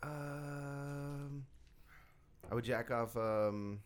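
A man's voice: mid-range voice, very slow. A man co-hosting a podcast in casual crude banter, giggling and hesitating with many ums. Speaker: podcast co-host.

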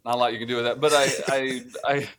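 A man from Ohio, a podcast guest, relaxed and matter-of-fact with dry self-deprecating humor. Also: medium pitch, quick pace. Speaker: guest, worldview center director. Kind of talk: podcast interview.

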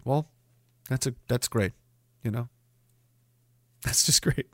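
A man's voice: mid-range voice, expressive, unhurried, pauses often, fairly bright tone, no echo, studio quality. A man from Canada hosting a livestream, reading chat messages and ranting sarcastically with plenty of swearing. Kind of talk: casual live-stream talk.

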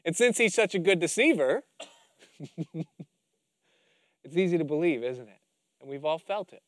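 A male pastor preaching with animated storytelling, acting out scenes as he goes. His voice sits fairly high. The sound is dry and close, with no room around it. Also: moderate pace, long pauses, no room sound. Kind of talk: sermon.

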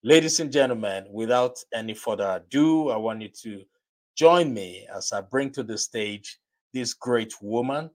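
A man's voice: medium pitch, expressive, normal speed. Upbeat Nigerian man hosting. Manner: enthusiastic, preacherly build-ups. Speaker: podcast host. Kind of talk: motivational podcast talk.

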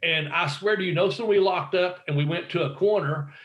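A man's voice: high-pitched, brisk, roomy sound, highs cut off. A man, a former pro wrestler, telling rambling, profane anecdotes in a casual interview and acting out quotes.

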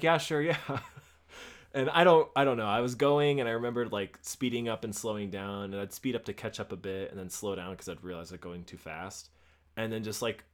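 A man in his thirties, a podcast co-host, talking casually with a lot of rambling, swearing and laughter. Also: lowish voice. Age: 30s. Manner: rambling, profane, laughs often. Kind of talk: casual chat.

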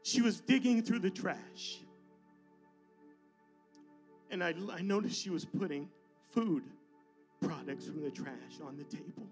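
A man with a high voice preaches in church, dropping to near-whispers and then rising to loud declarations. A faint bed of music runs behind him. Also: expressive, moderate pace. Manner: emotional, swinging between soft asides and loud declarations. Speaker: pastor. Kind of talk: sermon with personal storytelling.

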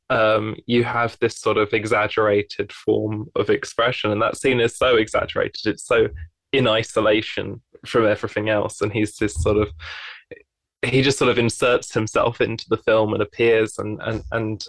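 A man's voice: lowish voice, little pitch movement, normal speed, a bit bright, dry recording. A man in casual film discussion, thoughtful and hesitant, with many fillers and restarts. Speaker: podcast co-host.

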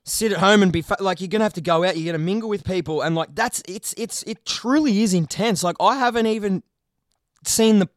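A young man with a notably high voice talks in a loose, rambling way, swearing freely and getting animated as he goes. The sound is close and dry, with no room around it. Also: brisk, dry recording. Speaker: podcast co-host, video creator. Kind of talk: casual chat.

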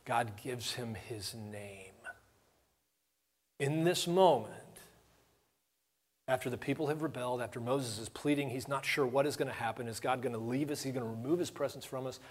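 A man of middle pitch delivers a sermon to his congregation. He tells it as a relaxed story and voices the people in it as he goes. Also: normal speed. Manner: conversational storytelling with acted-out dialogue. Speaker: pastor.

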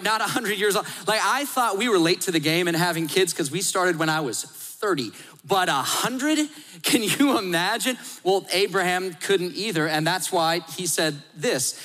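A man in his thirties delivers a lively sermon, acting out the story's voices and dropping to a hush for emphasis. His voice sits high and sounds bright and forceful. It rings with the long reverb of a large hall. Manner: animated storytelling, acts out voices, swings from loud to hushed. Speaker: pastor.

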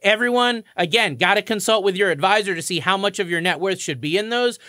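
A man's voice: high voice, brisk, bright, forceful tone, no echo. A man co-hosting a radio show, explaining mortgages in a confident, explanatory way. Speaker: mortgage expert co-host.

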